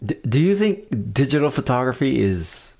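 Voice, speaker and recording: A man's voice: mid-range voice, very animated, moderate pace, vocal fry, darkish tone, slight background noise. A man hosting a podcast interview, asking brief, curious questions. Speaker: podcast host.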